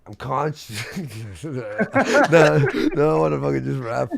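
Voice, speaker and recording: A man's voice: mid-range voice, animated, slow, creaky, hardly any pauses. A young man hosting a casual livestream, telling rambling gossip stories with lots of swearing and laughter. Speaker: streamer host.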